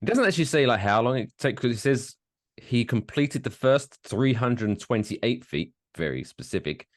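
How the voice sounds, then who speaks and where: A man's voice: medium pitch, big pitch swings, normal speed, dry recording. A man co-hosting a podcast, joking and swearing in casual banter into a close mic. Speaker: podcast co-host.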